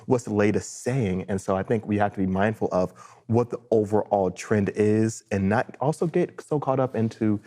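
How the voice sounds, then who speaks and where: Guy on a freight podcast, deep mellow voice, thinks out loud, kinda halting. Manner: thoughtful, halting, restarts phrases. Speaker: podcast co-host. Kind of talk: casual market discussion.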